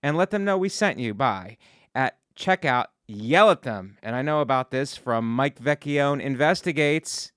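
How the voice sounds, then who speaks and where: A man's voice: lively intonation, measured pace, fairly bright tone, smooth, no echo, clean studio sound. A man hosting a podcast who delivers a sponsor read in joking, salesman-style patter. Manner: pitchy, jokey salesman patter. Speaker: podcast host.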